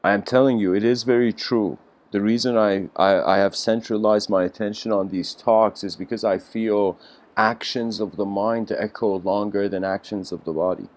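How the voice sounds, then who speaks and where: A man's voice: lowish voice, fairly even intonation, normal speed, a little mellow. A man giving a casual storytelling lecture, rambling with lots of fillers and self-corrections.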